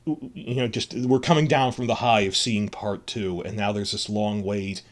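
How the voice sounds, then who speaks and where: A man's voice: on the low side, fairly even intonation, moderate pace. A man hosting a solo podcast, rambling emotionally through a film review, restarting his sentences.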